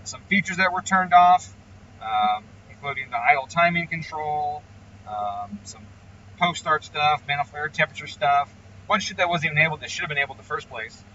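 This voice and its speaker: A man's voice: on the high side, animated, a little fast, pushed and bright, distant mic, dull audio, slight background noise. A man who tunes engines talks casually and bluntly, swearing freely as he rants and explains his work. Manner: profane, ranting, blunt. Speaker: engine tuner. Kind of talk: casual explanatory vlog talk.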